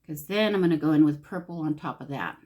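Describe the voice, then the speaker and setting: A woman's voice: low voice, quick pace, mellow. A woman from Los Angeles gushing and talking to herself as she chats casually through a makeup tutorial. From Los Angeles, California. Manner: gushing, talks to herself while applying makeup. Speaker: beauty vlogger.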